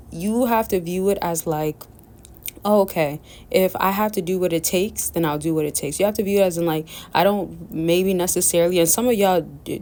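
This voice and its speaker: A woman's voice: lowish voice, warm tone. A woman dating coach talking straight to her male viewers in a casual, rambling advice monologue, often calling them y'all. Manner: rambling, chatty, keeps addressing listeners as y'all.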